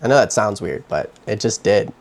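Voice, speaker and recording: A young man vlogging from his home, telling his own story in a candid, halting way with heavy sighs. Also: fairly low pitch, lively intonation. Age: young adult. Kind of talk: personal confessional story.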